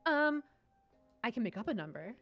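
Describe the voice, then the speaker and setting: A woman plays a character in a tabletop role-playing game. Her voice is high, and she stammers and fumbles in a flustered way. Faint music runs in the background. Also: big pitch swings, moderate pace, highs cut off. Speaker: player. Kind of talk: tabletop role-play as a player.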